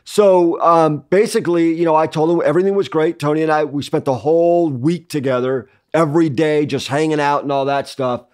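Higher-voiced man telling a rambling story. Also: steady tone, fairly quick, hardly any pauses, a little mellow. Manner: rambling anecdote that acts out quoted dialogue. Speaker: podcast co-host. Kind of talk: casual chat, storytelling.

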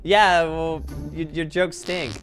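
A woman voicing a cheeky big brother in a game animation, bossy and quick to mock his sisters. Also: low voice, fairly even intonation, soft background music. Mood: teasing.

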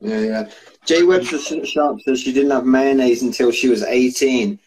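A man's voice: mid-range voice, moderate pace, a little mellow, a little hiss or hum, rough recording. Dry, laid-back British man. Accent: British English. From Isle of Wight, England. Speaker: podcast co-host. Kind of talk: casual chat.

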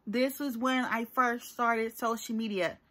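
A woman's voice: on the high side, fairly even intonation, measured pace, pushed and bright. A young woman talking casually to her viewers in a rambling, chatty vlog. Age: young adult. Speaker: YouTuber.

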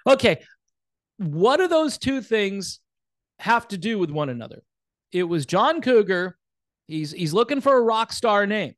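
A man's voice: sits high, sing-song, unhurried, no room sound. A man hosting a casual commentary show, talking in a sarcastic, mocking way. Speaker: host.

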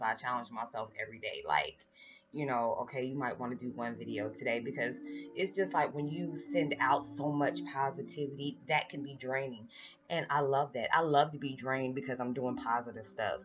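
Low-voiced woman vlogging over music. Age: 40s. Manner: gentle, earnest, repeats "it's just like". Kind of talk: casual spiritual vlog. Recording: dull lo-fi sound with music behind. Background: meditation music.

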